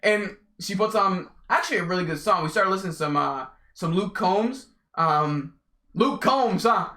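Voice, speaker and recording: A young man telling a casual story on his vlog, animated and slangy. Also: high-pitched, normal speed. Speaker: vlogger. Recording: echoey room.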